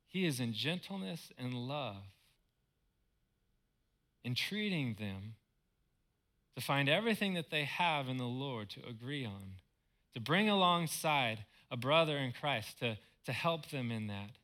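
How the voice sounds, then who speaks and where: Pastor guy preaching in church, really bright ringing voice, a bit high, earnest and repeats himself. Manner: earnest, repeats words when emphasizing. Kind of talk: sermon.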